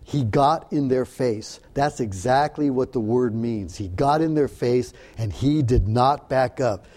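Mellow-voiced man teaching scripture. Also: medium pitch. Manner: earnest, halting with repeated restarts. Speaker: preacher. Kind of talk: sermon-style Bible teaching.

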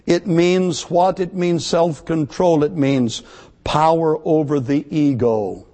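A man preaching a sermon to his congregation, emphatic, repeating key words and slowing down to stress them. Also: fairly high pitch, mellow. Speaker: pastor.

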